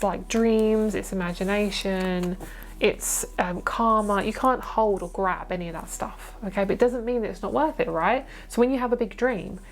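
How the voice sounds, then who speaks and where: A woman giving a casual, chatty pick-a-card tarot reading, gushing and swearing casually as she goes. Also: medium pitch. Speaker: tarot reader.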